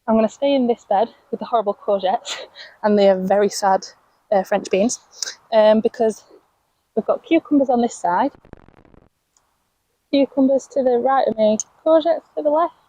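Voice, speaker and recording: A woman's voice: fairly high pitch, normal speed, pauses often, warm tone, dry recording, highs cut off. A young woman from England chatting casually while planting on her allotment, talking to her plants and laughing at herself, recorded outdoors on a camera mic as she moves around. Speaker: allotment vlogger. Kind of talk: casual chat while gardening.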